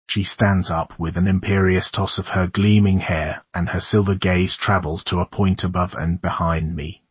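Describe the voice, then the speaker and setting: A man reading a horror audiobook in a measured, somber narration. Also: low voice, fairly even intonation, breathy edge, dry recording, muffled recording.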